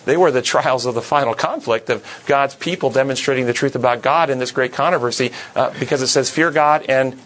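A man's voice: medium pitch, fairly quick, few pauses, a bit bright, low-quality recording. A man leading a Bible study class, earnest, asking the group questions and repeating words for emphasis.

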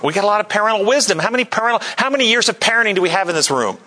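A man teaching a church group, asking lively questions and sometimes mimicking others in a high voice. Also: very fast, a little hiss or hum, poor audio. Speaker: church teacher leading a class discussion. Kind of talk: interactive sermon with audience questions.

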